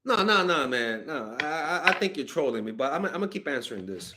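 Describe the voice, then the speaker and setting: A young man giving blunt, animated dating advice to fans in a casual stream, swearing freely and sounding exasperated. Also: fairly high pitch, fairly quick, noisy background. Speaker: dating coach answering fan questions.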